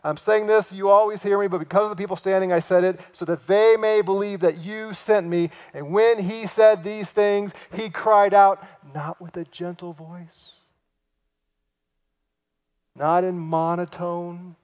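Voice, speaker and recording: A man preaching a sermon, acting out quoted lines and swinging from loud cries to hushed, near-whispered passages. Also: high voice, a little slow. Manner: acts out quoted lines in lively voices. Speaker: pastor.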